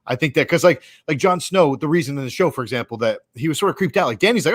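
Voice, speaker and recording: Casting: quick, rambling male co-host, dry close recording. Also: a little high, animated, no room sound. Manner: rapid, rambling, lots of "like". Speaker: podcast co-host. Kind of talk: casual livestream chat.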